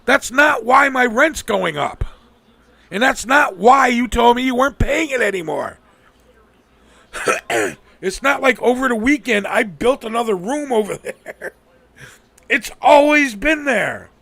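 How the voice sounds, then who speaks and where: A man's voice: very high-pitched, sing-song, measured pace, creaky, long pauses, sharp tone, dry recording. A man hosting a live stream, venting angrily and profanely, mocking the people he quotes. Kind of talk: ranting casual talk.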